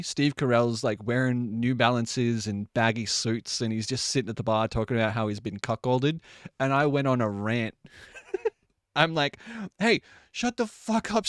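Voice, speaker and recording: An Australian streamer in his late twenties or thirties chats casually with his live chat and laughs often. His voice is medium-pitched, recorded with clean studio sound and no room sound.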